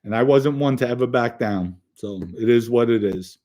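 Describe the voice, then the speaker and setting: A man's voice: medium pitch, moderate pace, warm tone. A man on a podcast telling casual, blunt stories full of profanity, emphatic and speaking straight to young listeners. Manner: direct address to young listeners. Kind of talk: casual storytelling.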